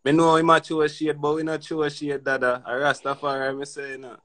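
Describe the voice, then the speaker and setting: A man with a Jamaican accent in a casual patois chat, easygoing and quick to laugh. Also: fairly high pitch, monotone, a bit bright.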